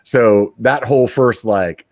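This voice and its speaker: A man's voice: mid-range voice, takes it slowly, darkish tone, no echo. A man hosting a podcast in casual chat, rambling and laid-back with lots of fillers and the odd swear word. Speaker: podcast host.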